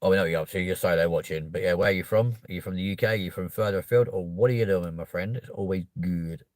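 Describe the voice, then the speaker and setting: A young man with a London accent hosts a casual livestream, reading comments and chatting cheekily with viewers. His voice sits fairly low, and he bursts into loud, excited pushes for subscribers. The sound is dry and close, with no room around it. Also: quick pace, no room sound. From England. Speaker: livestream host.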